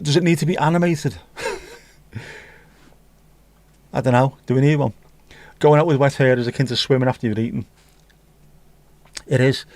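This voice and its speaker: A man's voice: mid-range voice, darkish tone, no room sound. A man hosting a casual livestream, rambling and joking as he reads comments. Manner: jokey, rambling, sings snatches of songs. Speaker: livestream host. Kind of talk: casual chat reading viewer comments.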